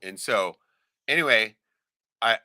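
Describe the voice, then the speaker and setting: Profane, animated man telling a story. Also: on the low side, slow pace, dry recording. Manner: profane, animated, keeps asking "right?"; acts out quoted voices, shouting them. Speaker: podcast host. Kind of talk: casual storytelling chat.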